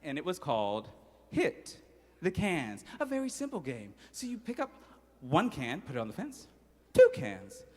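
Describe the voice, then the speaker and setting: A man's voice: a little high, wildly swooping pitch, moderate pace, darkish tone. A man telling a story live to children in a playful, interactive way, coaxing the audience to join in. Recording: long hall reverb.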